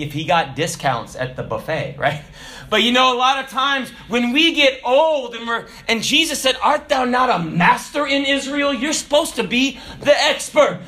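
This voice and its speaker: A male pastor preaching an animated sermon, acting out voices and breaking into shouts. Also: extremely high pitch.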